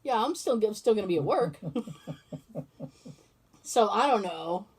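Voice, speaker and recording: A woman's voice: mid-range voice, expressive, measured pace, slightly rough. A woman hosting a podcast, casually telling a story and acting out both sides of the conversation, swearing freely. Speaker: podcast host. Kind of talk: casual chat.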